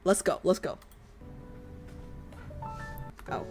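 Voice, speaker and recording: A woman's voice: a little fast, over music. A young woman streamer reacting to a game, ranting animatedly and exasperated, on a desk mic at home.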